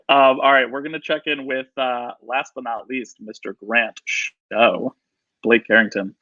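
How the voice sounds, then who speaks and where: A man hosting a live video interview, upbeat and quick to laugh. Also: mid-range voice, a bit bright, no echo. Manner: upbeat, giggly. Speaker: interview host. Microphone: video call. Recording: dull lo-fi video call audio.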